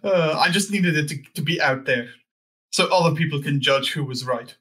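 Easygoing man, higher voice, podcast co-host. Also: pushed and bright, slightly rough. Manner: easygoing, joking, quick laughs. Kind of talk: casual podcast chat.

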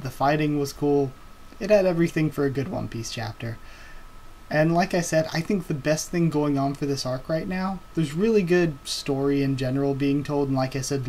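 Young man, reaction video host, casual, enthusiastic, filler words, mid pitch, faint background noise. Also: a little mellow. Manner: chatty and enthusiastic, with frequent fillers. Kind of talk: casual live reaction commentary.

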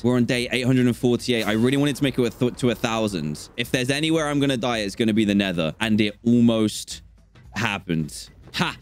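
Slight background noise accompanies a young man's let's-play commentary on his gaming channel. In a mid-range voice, he moves between calm chatter and panicked yelps.

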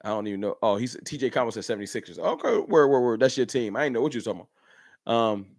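A man hosting a casual fan livestream, talking in an animated, slangy way and answering his chat by name. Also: mid-range voice, racing, vocal fry, no room sound, clean studio sound. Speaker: livestream host. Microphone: streaming setup.

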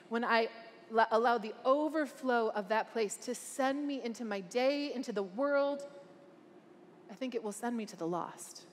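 A woman's voice: a little high, long reverb tail. A woman speaking at a conference, preaching with earnest emphasis and asking the crowd questions. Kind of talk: preaching a talk. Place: large conference hall.

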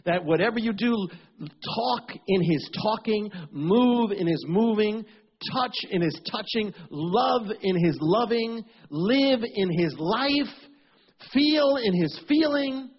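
Fervent man preaching, husky and high. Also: expressive, takes it slowly, dull audio. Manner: fervent, repetitive cadences, prays aloud in first person. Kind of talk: sermon.

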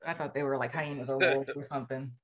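A woman co-hosting a casual movie review chat, talking in a relaxed, conversational way and asking the others questions. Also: rumbling low, quick pace. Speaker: podcast co-host.

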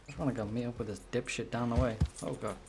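A man's voice: medium pitch, fast talker, noisy background. A man giving casual commentary while playing a video game, swearing often and laughing at his own mistakes. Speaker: gameplay streamer. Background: game music.

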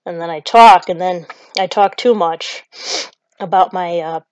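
Woman comic, rambling self-mocking monologue, slow delivery, dry close sound. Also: fairly low pitch, dry recording, muffled recording. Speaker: comedian.

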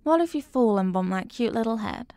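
A woman voicing a clingy, possessive young girlfriend in a whispered role-play, soft and doting. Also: a little high, expressive, brisk.

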